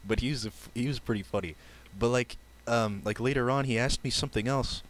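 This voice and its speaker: A young man streaming, telling a story casually and haltingly, often breaking into giggles. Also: medium pitch. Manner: giggly, halting, lots of fillers.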